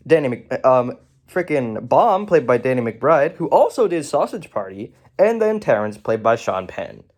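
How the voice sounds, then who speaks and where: A man gives a casual video review of a movie, rambling loosely with asides and frequently starting a word only to correct himself. His pitch swings sharply up and down between phrases, making the talk lively and animated.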